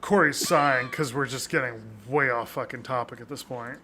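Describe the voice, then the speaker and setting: A man's voice: medium pitch, fairly even intonation, moderate pace, crowd noise. A man co-hosting a podcast, chatting casually and rambling, with some swearing. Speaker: podcast co-host. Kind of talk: casual chat.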